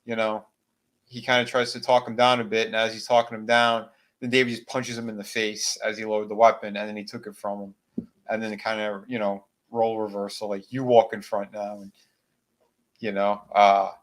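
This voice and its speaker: Animated man retelling a film. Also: lowish voice, brisk. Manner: animated retelling, acts out character lines. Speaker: podcast co-host. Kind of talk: casual movie recap chat.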